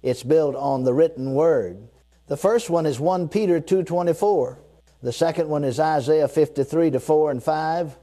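A man preaching a sermon, leading his listeners in call-and-response declarations, repeating key phrases and slowing down to read scripture. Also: on the high side, mellow.

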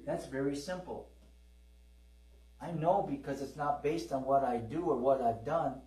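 A man's voice: mid-range voice, measured pace, dark tone. A middle-aged man preaching a sermon in a conversational way, calling for amens and acting out dialogue in his stories. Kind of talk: sermon with storytelling. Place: church service. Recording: roomy, distant from the mic.

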